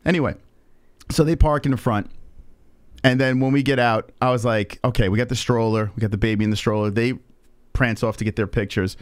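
A man's voice: medium pitch, brisk, smooth, dry recording, clean studio sound. A young man telling a story on a live stream, cursing freely and acting out the voices of the people in it. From New York. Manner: animated, profane, acts out quoted voices. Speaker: podcast host.

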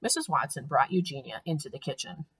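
A woman teacher reading a storybook aloud to young children, with expressive, clear storytelling. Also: low-pitched, fast talker.

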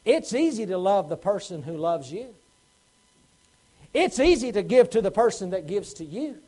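A man's voice: sits high, very animated, normal speed, warm tone, poor audio. A man preaching a Sunday sermon as pastor, asking the congregation pointed questions and acting out quotes. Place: church sanctuary.

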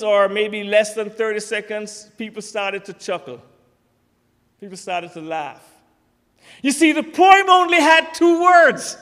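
A man's voice: very high-pitched, fairly bright tone. A man preaching a sermon, emphatic, with rising declarations. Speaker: pastor. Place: church sanctuary. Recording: church sanctuary with long reverb.

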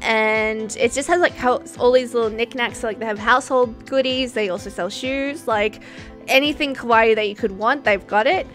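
A woman in her twenties chatting casually as a YouTuber in a reaction vlog, gushing and excitable and laughing often. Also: on the high side, moderate pace, faint music behind. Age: 20s.

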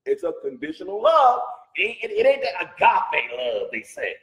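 A man's voice: high-pitched, wildly swooping pitch, moderate pace, a bit bright, reverberant, low-quality recording. A man leading a Bible study, speaking emphatically and firing off rhetorical questions. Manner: calls the reader brother. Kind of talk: animated religious teaching.

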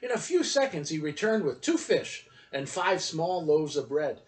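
A man reading a children's story aloud at a church story time, in an expressive storytelling manner. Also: fairly high pitch, normal speed, far from the mic, rough recording.

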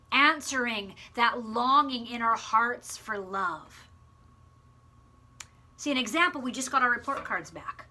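Bright, animated woman preaching. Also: a little high. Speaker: preacher addressing a school community. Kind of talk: sermon with prayer.

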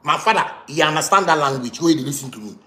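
A Ghanaian man ranting loudly on a live stream, mixing pidgin and local words and often shouting. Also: fairly high pitch, animated, fast talker, echoey room. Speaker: musician speaking to fans. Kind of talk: animated live-stream rant.

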